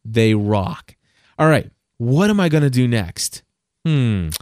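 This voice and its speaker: A man's voice: mid-range voice, slow, no room sound, studio quality. A man hosting a podcast alone, telling a story in a rambling, enthusiastic way with many restarts and repeated words. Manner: enthusiastic, animated when telling stories. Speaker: podcast host. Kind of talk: casual solo podcast monologue.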